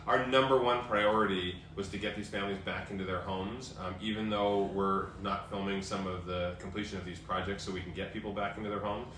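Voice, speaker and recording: A man's voice: fairly low pitch, fairly even intonation, fairly quick, hardly any pauses, fairly bright tone, a little hiss or hum. A man in his thirties in a casual live-stream chat at home, chatty and rambling with many fillers. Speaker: TV host. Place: home, indoors. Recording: echoey room from a distance with faint ambience.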